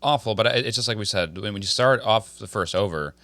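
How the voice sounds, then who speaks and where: Fast-talking low-voiced man, bright tone. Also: no room sound. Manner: quick, animated, laughs often. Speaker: podcast co-host. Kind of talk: casual sports recap chat.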